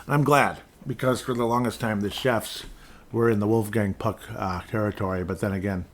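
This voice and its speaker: A man with a fairly low voice hosts a solo podcast from his desk. He rambles through scores as he reads them aloud and drops dry, sarcastic remarks along the way. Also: steady tone, moderate pace, a little hiss or hum. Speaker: podcast host. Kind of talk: casual solo sports talk. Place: indoors at a desk in front of a screen.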